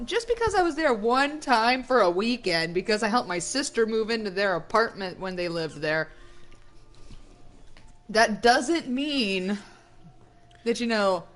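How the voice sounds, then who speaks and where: A woman's voice: a little high, expressive, a little slow, pauses often, fairly bright tone. A woman co-hosting a game stream, chatting playfully and laughing often. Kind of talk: casual chat. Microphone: desk microphone.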